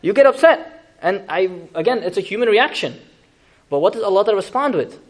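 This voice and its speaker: A man teaching a Quran lesson in a lively, conversational way, asking the audience questions and making joking asides. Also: high voice, fairly quick. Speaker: Islamic teacher.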